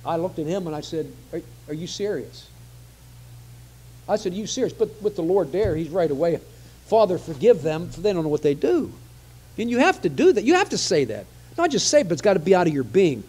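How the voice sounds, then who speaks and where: A man's voice: high-pitched, sing-song, quick pace, darkish tone, husky. A man preaching a conversational sermon, often repeating phrases for emphasis.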